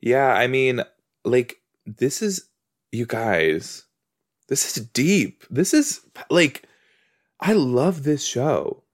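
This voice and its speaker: A man speaks very slowly in an animated, mid-range voice as he reacts casually to a TV episode. He's on a couch indoors, rambling, easily distracted and often letting out exclamations.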